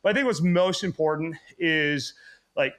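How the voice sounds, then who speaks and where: A man talking as a guest on a podcast, explaining health routines quickly in a casual style full of "like" and "um". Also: on the high side, fairly bright tone. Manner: quick, explanatory, lots of fillers like "like" and "um". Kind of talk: casual interview chat.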